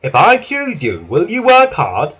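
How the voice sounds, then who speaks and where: A man voicing a stern but kind railway boss in a children's storybook reading, firm and commanding with loud exclamations. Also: high-pitched, wildly swooping pitch, a little slow, husky, voice pushed up, exaggerated voice. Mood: brisk.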